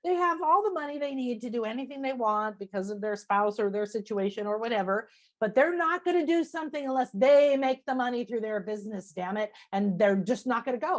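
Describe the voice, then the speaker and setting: A woman spiritual teacher and author, a guest talking in a casual interview, animated and emphatic, repeating phrases and acting out people's inner voices. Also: a little high, brisk. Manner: animated, acts out inner voices and self-talk.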